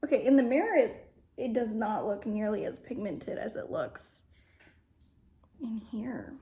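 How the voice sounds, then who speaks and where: Young woman beauty vlogger doing makeup first impressions at home, gushing and often whispering, slightly high voice. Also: big pitch swings, normal speed, mellow. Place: home, at a mirror.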